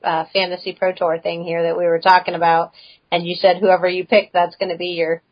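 A woman's voice: lowish voice, flat delivery, a little fast. A chatty woman co-hosts a podcast and laughs easily. The audio is dull and muffled. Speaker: podcast co-host. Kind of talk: casual chat.

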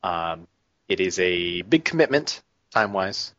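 A man with a lowish voice hosts a casual podcast while a little under the weather, rambling with plenty of fillers and restarts. The recording is dry and dull, with a lo-fi edge. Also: sing-song, unhurried, fairly bright tone, no room sound. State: a little sick. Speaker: podcast host. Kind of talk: casual chat.

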